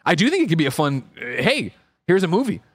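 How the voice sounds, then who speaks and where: A brash, quick-talking man in his thirties riffs through games news, reading each story before trailing off into jokes and swearing. His voice is dry and close to the mic, with no room around it. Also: fairly high pitch, wildly swooping pitch, fairly bright tone, husky, no room sound. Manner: joking, brash, swears freely, acts out quoted dialogue. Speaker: co-host of a daily games news show. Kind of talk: casual chat while reading news.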